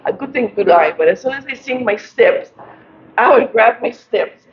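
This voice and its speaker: An older woman, a participant in a class, telling a story in an animated way over a video call. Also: a little high, moderate pace. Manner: animated storytelling, laughs often. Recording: roomy, dull video call with faint noise.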